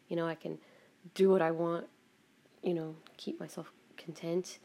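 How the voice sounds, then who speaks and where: A woman with a lowish, mellow voice speaks in a level tone at a measured pace, with vocal fry. She hosts her own podcast from home, rambling through a casual personal monologue with frequent laughs and some swearing, recorded on a home setup.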